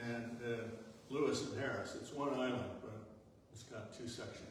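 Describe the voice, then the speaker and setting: A man's voice: mid-range voice, fairly even intonation, normal speed, few pauses, a little hiss or hum. Rambling, chuckling man telling a story. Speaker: panel member. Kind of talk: anecdotal storytelling in a panel talk. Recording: echoey hall, far from mic.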